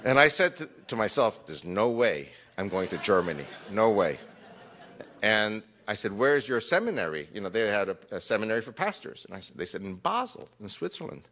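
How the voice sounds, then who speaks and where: A man's voice: lowish voice, very animated, fairly quick, fairly bright tone. A man speaking to a live audience, telling personal stories with jokey asides and acting out quoted dialogue. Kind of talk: lecture storytelling.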